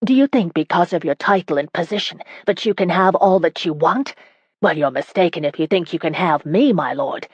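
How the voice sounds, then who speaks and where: A woman's voice: animated, moderate pace, breathy edge, dry recording, lo-fi sound. A woman narrator voicing a spirited, indignant young woman in an audiobook, speaking emphatically and sharply. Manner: sharp, emphatic, higher and louder than narration.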